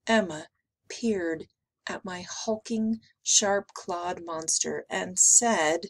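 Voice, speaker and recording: A woman teacher reading a picture book aloud with slow, expressive delivery. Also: mid-range voice.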